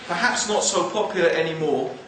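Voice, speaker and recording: An English man with a mix of upper-class and East London accents gives an animated, joking religious lecture to an audience. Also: sits high, a little fast, slight background noise. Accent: English, mixed with East London. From England. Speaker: Islamic speaker. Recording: very echoey hall, mic far off.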